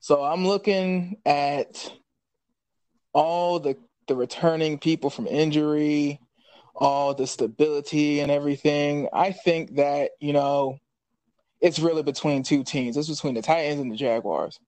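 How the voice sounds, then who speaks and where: Unhurried man co-hosting a sports podcast. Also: a little high, fairly even intonation, darkish tone, no echo, poor audio. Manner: thoughtful, unhurried, with many fillers. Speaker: podcast co-host.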